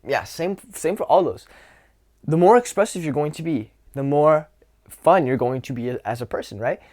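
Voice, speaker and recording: A man coaching on social skills in a casual instructional talk, relaxed and grounded, slowing his words for emphasis. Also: on the high side. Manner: demonstrative, swings from whisper to loud to show vocal dynamics; relaxed, grounded, drawn-out delivery with sighs.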